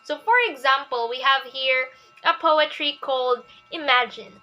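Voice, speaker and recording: A woman's voice: high voice, highs cut off, soft background music. A young woman presenting a lesson and reading examples aloud. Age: young adult. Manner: slow, reads examples aloud. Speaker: student presenter. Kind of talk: classroom presentation.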